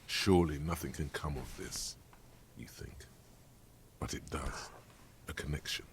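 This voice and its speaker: A man voicing a brooding game narrator, speaking in slow, ominous second person with a deep, gravelly voice. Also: slight background noise. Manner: slow, ominous, dramatic pacing. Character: brooding omniscient male narrator voice.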